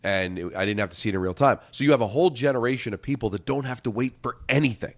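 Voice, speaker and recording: A man's voice: medium pitch, rapid-fire. A middle-aged man, hosting sports talk radio and rambling, repeating words as he thinks.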